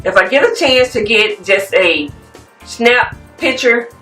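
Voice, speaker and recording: Her voice is on the high side with lively intonation and a slightly slow pace as she casually shows viewers her home decor finds, rambling a bit along the way. Soft music plays in an echoey room, picked up by a distant mic.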